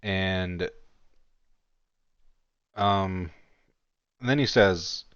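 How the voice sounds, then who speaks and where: A man with a fairly low voice gives casual commentary in a mocking, incredulous tone and swears freely. The recording is dry and a little dull, with no room sound. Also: extremely slow, a bit bright, clear, resonant tone, no room sound.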